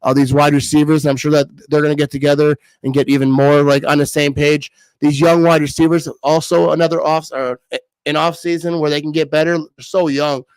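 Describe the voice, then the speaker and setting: A man's voice: on the high side, flat delivery, a little fast, clean tone, dry recording, poor audio. A man in his thirties hosting a casual live stream, rambling and laughing often as he reads comments. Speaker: livestream host reading comments.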